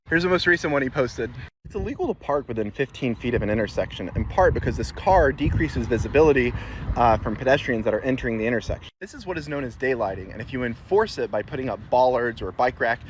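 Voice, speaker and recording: A man's voice: medium pitch, a bit bright, a little hiss or hum. A man in matter-of-fact, explanatory, scripted narration about street design.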